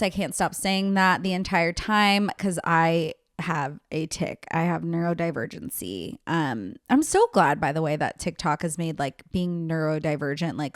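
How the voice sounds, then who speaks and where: A woman's voice: fairly low pitch, fairly bright tone, no echo, clean studio sound. A woman in her thirties hosting a podcast alone, chatting casually with lots of filler words and swearing, self-deprecating. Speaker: podcast host. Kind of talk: casual solo chat.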